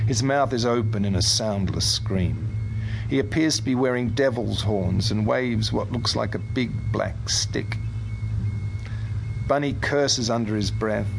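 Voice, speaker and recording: Gravelly male audiobook narrator. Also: fairly low pitch.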